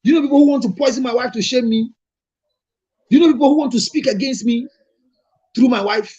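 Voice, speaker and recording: Ghanaian male counselor-host, high husky voice, storytelling, scolding rhetorical questions, dull lo-fi recording. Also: fast, warm tone. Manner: scolding, rhetorical questions, mixes in Twi phrases. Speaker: marriage counselor and show host. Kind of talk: lively storytelling talk to an audience.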